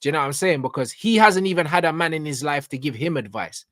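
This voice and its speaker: High-voiced London man ranting emphatically. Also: expressive, fast, fairly bright tone, no echo, clean studio sound. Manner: emphatic, street slang, keeps asking "you get me". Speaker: reaction show host. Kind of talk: ranting reaction commentary.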